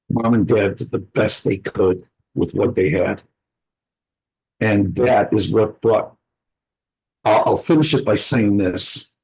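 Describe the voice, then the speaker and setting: A man earnestly sharing a personal story in a group conversation, reflective and pausing to gather his words. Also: lowish voice, darkish tone, husky, low-quality recording.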